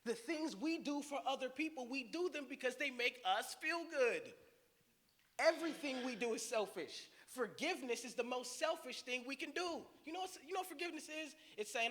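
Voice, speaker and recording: Bright-voiced man preaching in an echoey hall. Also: very high-pitched, moderate pace. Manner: animated storytelling preacher. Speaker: guest speaker. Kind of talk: sermon. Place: church sanctuary. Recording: very echoey hall with faint hiss.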